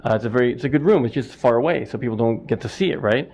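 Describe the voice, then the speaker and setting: A man's voice: mid-range voice, racing, gravelly, a little mellow. A middle-aged man from Canada, a stand-up comic and butcher, answering interview questions in a rambling, self-interrupting way.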